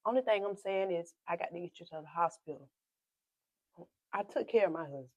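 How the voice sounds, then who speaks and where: A woman pastor with a South Carolina accent tells her story in emotional bursts, acting out what each person said and repeating phrases. Her voice often sinks to a soft whisper. The sound is close and dry, with no room echo. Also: lowish voice, lively intonation, a little fast, dull audio. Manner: repeats and re-enacts dialogue with quoted speech. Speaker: pastor, podcast guest. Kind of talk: personal testimony in a conversation.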